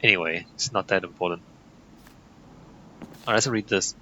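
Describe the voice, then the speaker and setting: A man's voice: deep voice, moderate pace, pauses often, pushed and bright, muffled recording, slight background noise. A young man giving casual, joking commentary over a game he is playing and reading in-game text aloud. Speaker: gaming channel host. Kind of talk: let's play commentary.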